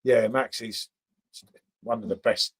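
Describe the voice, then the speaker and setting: A man's voice: mid-range voice, fairly even intonation, slow, breathy edge. A man hosting a casual beer review livestream, chatting with viewers by name and tagging questions onto his sentences. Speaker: beer review channel host.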